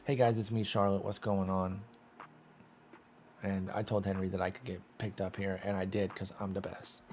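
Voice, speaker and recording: A man voicing a boastful female pet who brags about being the best, in a soft, smug way. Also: low voice, flat delivery, moderate pace, a little hiss or hum, pitched below the performer's own voice.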